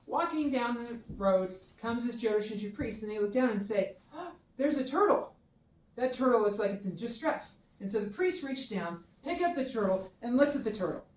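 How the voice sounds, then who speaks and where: A woman minister giving a children's dharma talk, telling a story in a warm, expressive way. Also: on the high side, brisk, hardly any pauses. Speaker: temple minister. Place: temple hall. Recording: echoey hall, mic far off.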